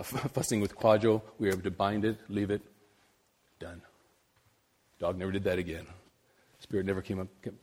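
A middle-aged man preaching, telling a personal story in a halting, animated way with many repeated words. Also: lowish voice. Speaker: missionary preacher.

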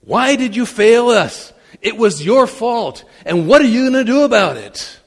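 A preacher acting out an anguished leader crying out. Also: male voice, on the high side, sing-song, very slow, breathy edge, big-room sound, full character voice. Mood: anguished pleading. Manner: anguished, accusing, loud pleading. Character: desperate man crying out to God.

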